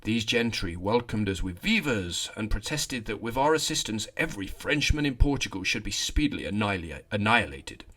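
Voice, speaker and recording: A man reading a genteel army officer's memoir in a slow, measured, wry voice. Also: on the low side, sing-song, pushed and bright, exaggerated voice.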